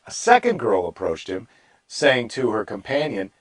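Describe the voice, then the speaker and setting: A man's voice: sits low, animated, fairly quick. Wry rambling male comedian. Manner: wry, rambling asides, mock-dramatic readings. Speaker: comedian hosting a daily live stream. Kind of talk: casual comedic chat with Bible reading.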